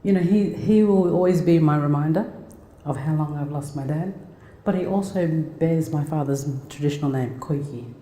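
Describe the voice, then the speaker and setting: Woman, 40s, guest speaker, heartfelt personal storytelling, dark mellow voice, echoey hall. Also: low voice, normal speed. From Australia. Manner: heartfelt, conversational, with many restarts. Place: lecture hall. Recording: echoey lecture hall reverb.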